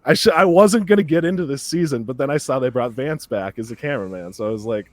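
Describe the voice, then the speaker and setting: A man co-hosting a podcast, rambling excitedly in casual chat and laughing often as he talks. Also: mid-range voice, quick pace, few pauses, no room sound. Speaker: podcast co-host.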